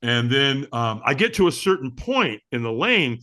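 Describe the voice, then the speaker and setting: A man guest on an interview show, telling a personal story with lively, acted-out quotes and frequent restarts. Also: medium pitch, moderate pace. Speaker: guest, firewalk instructor.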